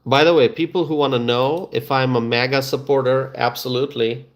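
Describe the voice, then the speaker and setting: A middle-aged man, hosting a casual live stream and chatting to viewers, halting and full of fillers and restarts. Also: mid-range voice, fairly even intonation. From Bangladesh.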